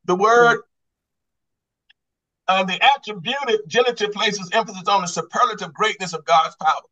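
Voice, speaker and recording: A man's voice: sits high, moderate pace, pushed and bright, dull audio. A man teaching a Bible study class on grammar, quizzing the group with repeated questions and restarting his phrases to stress a point.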